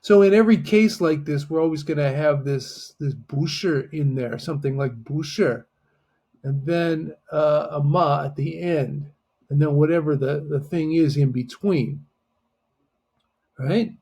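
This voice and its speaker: A man's voice: fairly high pitch, measured pace, mellow, husky. A man teaching a Chinese lesson in a patient, explanatory way, often checking in with "right?". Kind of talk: online language lesson.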